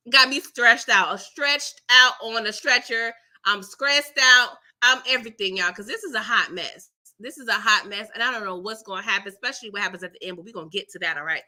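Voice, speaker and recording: A woman hosting a casual live-stream recap, animated and chatty, who laughs often and keeps tagging her lines with "okay?" and "girl". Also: high voice. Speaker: TV episode recap host.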